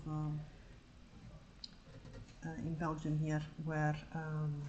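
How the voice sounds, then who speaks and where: A woman livestreaming while drawing, telling a sarcastic, swear-filled story in a casual, animated way. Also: low voice, slight background noise, poor audio. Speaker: livestreaming artist.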